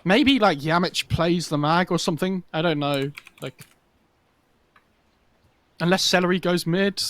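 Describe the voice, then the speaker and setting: A man's voice: sits high, measured pace, a bit bright, no echo. A man casting an esports match live, chatting casually and rambling with lots of fillers. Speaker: esports caster. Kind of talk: casual live commentary chat.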